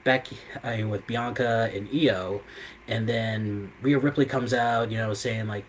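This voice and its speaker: A man's voice: on the low side, fairly even intonation, a little slow, slight background noise, poor audio. A man hosting a live show who recaps events in a casual, rambling way, full of "you know" and "I mean.".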